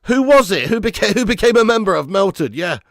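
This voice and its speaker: A man hosting a live football watch-along, calling the play and reading chat, excitable and swearing freely. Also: high voice, a little fast, no echo, clean studio sound. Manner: excitable, swears, jumps from play calls to chat shout-outs. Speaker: fan channel host.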